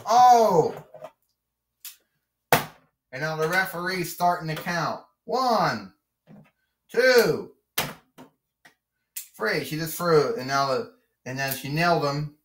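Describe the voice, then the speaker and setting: Excitable man doing slow play-by-play for a pretend wrestling match, distant mic in an echoey room. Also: a little high, background noise. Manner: excitable, with sudden shouts. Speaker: narrator of a toy wrestling match. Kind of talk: play-by-play commentary. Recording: roomy, mic far off.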